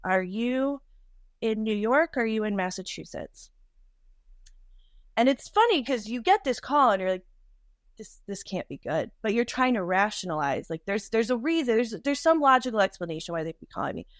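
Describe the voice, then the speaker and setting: A woman in her thirties, a podcast guest, telling a deeply emotional personal story in a halting way, with many restarts. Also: animated, dry recording.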